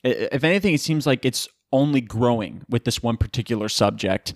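A man's voice: mid-range voice, brisk, dry recording, clean studio sound. A young man hosting a solo podcast in a casual, rambling style, often correcting himself mid-sentence. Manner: rambling, self-correcting, animated asides. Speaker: podcast host.

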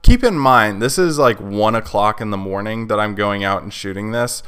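A man's voice: lowish voice, normal speed, fairly bright tone, smooth. A man hosting a podcast, telling a story in a casual, chatty way, full of "like" and "you know". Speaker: podcast host.

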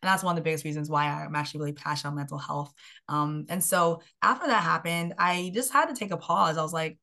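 A young woman shares her own story in a podcast interview, her pitch sitting a touch low. She talks in an animated way, leaning on "like" and acting out what she said back then. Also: quick pace. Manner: animated storyteller, filler-heavy with frequent "like". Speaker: guest, health and mindset coach.

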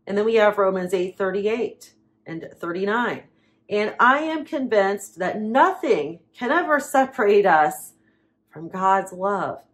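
A woman preaching, reading Bible verses aloud with slow emphasis and dramatic pauses. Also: medium pitch, a bit bright.

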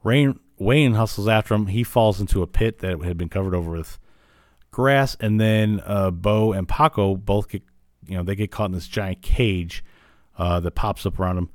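Man, from Illinois, podcast host, rambling cartoon recap, lowish voice, dry close sound. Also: moderate pace, no echo. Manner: rambling, filler-heavy retelling. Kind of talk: casual recap of a cartoon episode.

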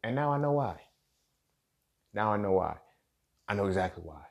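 A young man hosting a solo podcast, rambling and sarcastic, with plenty of swearing and pitch swings between loud outbursts and low mutters. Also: big pitch swings, normal speed, creaky. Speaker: podcast host. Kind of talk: casual solo podcast rant.

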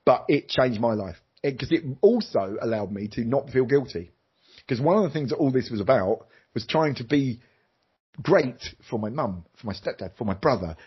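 A middle-aged man, an interview guest and former TV presenter, telling a personal story candidly and animatedly, jumping into high voices for quoted lines. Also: animated, moderate pace, breathy edge. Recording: slightly dull lo-fi sound.

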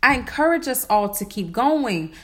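Woman in her late twenties, high voice, self-healing vlog, repetitive affirmations, incantatory delivery. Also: big pitch swings, normal speed. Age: 20s. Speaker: spiritual vlogger. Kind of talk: motivational self-care talk.

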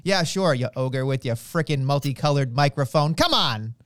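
A man's voice: medium pitch, expressive, normal speed, dry recording, clean studio sound. A man co-hosting a wrestling podcast, rambling and joking in a mock-indignant way. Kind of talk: casual chat.

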